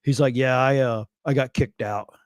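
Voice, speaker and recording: A man's voice: medium pitch, moderate pace, clear, resonant tone, no room sound, clean studio sound. A man co-hosting a casual veterans' live stream, telling stories and acting out the people in them. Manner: animated, acts out quoted voices. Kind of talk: casual storytelling chat.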